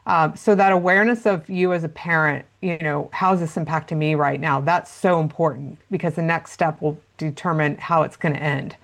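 A woman's voice: low voice, fairly even intonation, normal speed, hardly any pauses. A woman answering interview questions as a parenting expert, explaining at length with frequent fillers.

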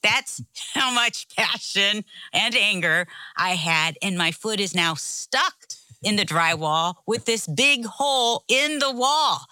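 A middle-aged woman co-hosting a casual chat, telling a story with animated energy and frequent laughs. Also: mid-range voice, takes it slowly, dry recording. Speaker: co-host.

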